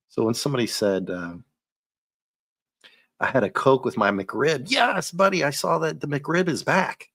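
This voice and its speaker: A man hosting a casual comic book review, joking and animated, often breaking into silly voices. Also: mid-range voice, unhurried, long pauses, slightly rough, no room sound, clean studio sound. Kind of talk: casual chat.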